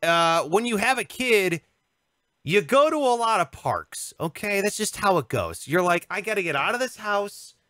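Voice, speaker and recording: A man in his thirties spins a comic story on a casual podcast and jumps into the voices of everyone involved. His voice sits high and bright, and his pitch leaps all over the place. The sound is close and dry, with no room around it. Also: normal speed, no room sound. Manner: animated, acts out voices in his anecdotes. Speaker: podcast co-host.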